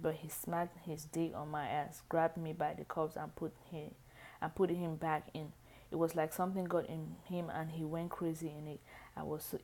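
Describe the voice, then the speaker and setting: A woman reading a book aloud, halting and often restarting lines. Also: low-pitched, darkish tone. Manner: halting, frequent restarts and stumbles. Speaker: reader.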